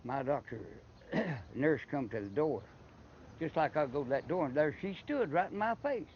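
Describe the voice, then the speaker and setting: The recording, slightly muffled and carrying faint background noise, captures an older man from Eastern Kentucky telling long rambling stories. His Appalachian-accented voice is on the high side, very animated and moderately paced, and as an interviewee he frequently restarts his words.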